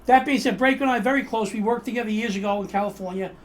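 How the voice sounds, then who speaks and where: A man with a very high voice hosts a casual talk show, chatting quickly and teasing his guest. He rambles between jokes and points over a video call, with a faint hum in the background. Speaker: host. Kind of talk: casual political chat show.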